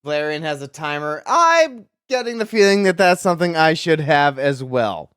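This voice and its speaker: A man's voice: a little high, sing-song, moderate pace, a bit bright, smooth, dry recording, clean studio sound. A man streaming a video game, chatting casually with a rambling, joking manner. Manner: rambling, joking, frequent restarts. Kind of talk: casual gameplay commentary.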